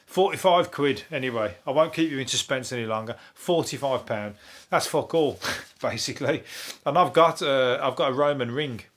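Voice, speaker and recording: An English comedian rambles loosely on his podcast, swearing freely and chuckling between thoughts. His middling male pitch sounds a bit bright, and he talks at a moderate pace with few pauses.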